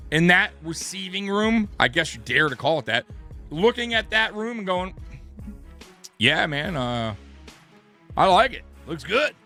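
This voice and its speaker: A man's voice: high-pitched, sharp tone. A man hosting a sports talk show, ranting in a heated, profane way and often restarting his sentences. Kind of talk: sports commentary rant.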